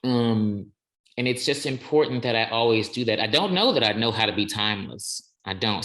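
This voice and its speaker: A man's voice: fairly low pitch, pushed and bright. A male singer, a guest in an interview, tells a personal story with earnest, emphatic declarations. He thinks aloud and restarts his sentences. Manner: earnest and emphatic, builds slow deliberate declarations.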